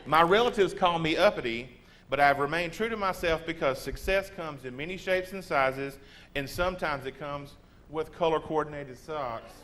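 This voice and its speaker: A man in his forties with a Texan accent, giving a comic storytelling speech in a lively, self-mocking drawl. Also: fairly high pitch, moderate pace, a little hiss or hum. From Texas. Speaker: humorous speaker.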